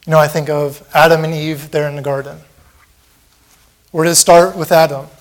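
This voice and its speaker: A man's voice: on the high side, little pitch movement, normal speed. A man preaching a sermon in a church, impassioned and repetitive, acting out the mocking voices of a crowd.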